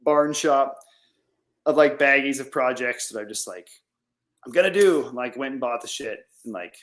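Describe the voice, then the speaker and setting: The farmer, interviewed remotely, talks at normal speed in a steady, fairly bright mid-range voice. His speech is casual and rambling, packed with "like."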